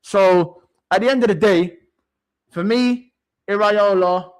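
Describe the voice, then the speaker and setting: A man's voice: high voice, slow. A man, co-hosting a football talk show in a heated, casual rant, emphatic and repetitive, swearing freely.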